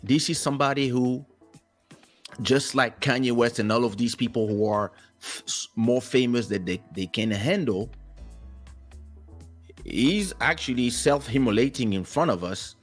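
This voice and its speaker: A man's voice: mid-range voice, unhurried, faint music behind. A man whose first language is French, a podcast co-host in casual chat, telling stories animatedly and acting out other people's lines. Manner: animated storyteller who acts out other people's voices.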